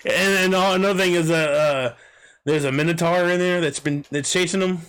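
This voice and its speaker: A man co-hosting a casual podcast, retelling a story in an animated way and laughing often. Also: a little high, normal speed, smooth. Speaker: podcast co-host. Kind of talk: casual chat.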